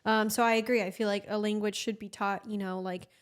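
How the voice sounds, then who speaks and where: Chill young woman cohost from argentina, spanish first language, mid-pitched, talks it out slowly. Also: flat delivery, clean tone. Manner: explains things patiently, thinks aloud with fillers. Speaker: podcast co-host. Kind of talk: casual chat.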